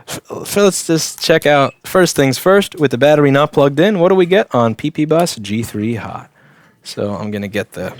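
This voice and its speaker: A man's voice: mid-range voice, no echo. Guy doing a live repair, cracks jokes while he works, throat a bit sore, dry close sound. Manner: wisecracking, offhand asides while working. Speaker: electronics repair technician and host. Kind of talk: live repair walkthrough with chat replies.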